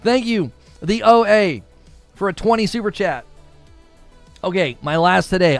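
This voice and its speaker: A man with a slightly raised voice hosts a loose, animated livestream, reading viewer messages and riffing between them. He laughs often and tosses in quick asides. A faint music bed plays under him. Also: sits high. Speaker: livestream host.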